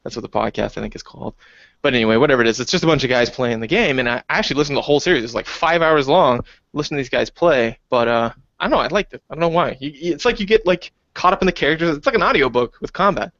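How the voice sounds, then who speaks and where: Man, quick talker, lively up-and-down voice, dry dull-sounding podcast recording, animated storyteller. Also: mid-range voice, dry recording. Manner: animated storytelling, acting out friends in quotes. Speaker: podcast co-host. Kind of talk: casual chat.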